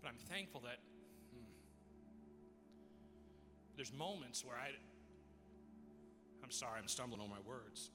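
A man preaching a sermon in a church, telling a personal story in a halting way with many restarts. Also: medium pitch, animated. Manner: halting, repeats words and restarts. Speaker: pastor. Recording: music with long hall reverb.

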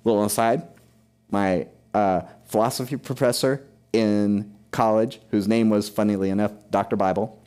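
Emphatic preaching man, low voice. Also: fairly even intonation, normal speed, darkish tone, clear, resonant tone. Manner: emphatic preaching, questions to the congregation. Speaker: pastor. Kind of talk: sermon.

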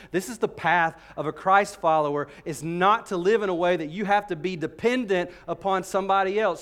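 A man delivers a sermon. He swings from loud, emphatic lines down to soft, intimate ones as he preaches to his church. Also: high voice. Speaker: pastor.

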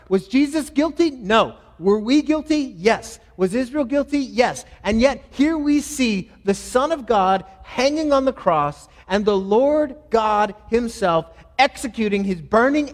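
A man's voice: high voice, in a large hall. A male pastor preaching a sermon, asking questions and answering them himself in an emphatic delivery.

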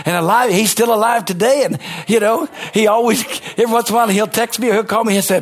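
A man preaching from the pulpit, his voice pitched high and a little husky. He drives his points hard, climbing toward near-shouts as he presses them home. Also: fast, few pauses. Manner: emphatic preaching with rising, near-shouted peaks. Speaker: pastor. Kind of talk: sermon.

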